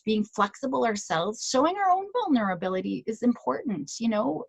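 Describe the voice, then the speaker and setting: A woman's voice: fairly high pitch, fairly bright tone, husky, dry recording. Chatty woman speaker, dry sound. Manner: conversational, tag questions and personal anecdotes. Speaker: child psychologist giving a talk to parents. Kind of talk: presentation to parents.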